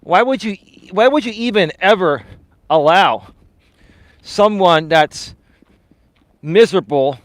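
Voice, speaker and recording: A man's voice: on the high side, no room sound. A man, a life coach, talking earnestly to viewers on a live stream while out walking, repeating himself for emphasis. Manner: earnest, repetitive, motivational, addresses viewers as folks. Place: outdoors, walking.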